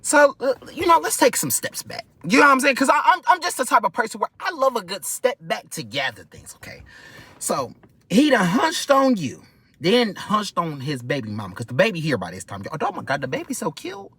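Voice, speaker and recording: A man hosting a storytime vlog, gossipy and animated, who swears freely. His pitch sits a bit high and moves a lot. The sound is dry and close. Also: fairly quick, husky, no room sound. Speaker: vlog host.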